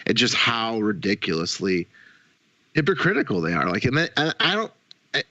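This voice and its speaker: A man's voice: lowish voice, big pitch swings, normal speed, bright, forceful tone, no echo, muffled recording. A man in casual podcast chat, stammering through restarts and swearing as he vents opinions.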